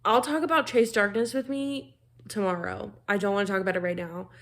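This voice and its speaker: A young woman vlogging about her reading in a gushing, rambling way, cursing freely, restarting sentences and repeating words for emphasis. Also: a little high. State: feeling unwell. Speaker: book vlogger. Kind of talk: casual reading vlog. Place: bedroom at home.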